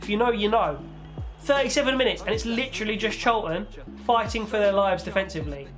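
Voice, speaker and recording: A man's voice: high-pitched, fairly quick, over music. A young man giving casual, exasperated play-by-play on his own football video game. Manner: animated, exasperated play-by-play with pleading outbursts. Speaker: gaming YouTuber commentating his own match. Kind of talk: casual live game commentary.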